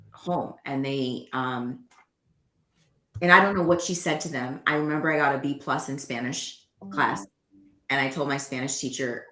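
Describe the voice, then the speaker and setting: Low-voiced woman telling her story earnestly. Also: roomy sound. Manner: earnest, animated retelling with quoted dialogue. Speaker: guest. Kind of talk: personal storytelling in conversation.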